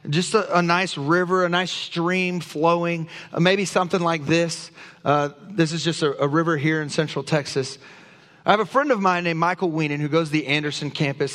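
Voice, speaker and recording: A pastor delivers a sermon, a man whose voice sits a touch high for a man. He reads scripture and presses his points with earnest emphasis. His words ring out with a long reverb through a church sanctuary. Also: fairly bright tone.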